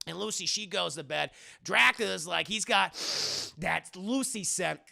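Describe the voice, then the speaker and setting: A man giving a rambling, profane, animated spoken film recap as a streamer. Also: high voice, measured pace, vocal fry. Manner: rambling, profane, animated, many fillers and restarts.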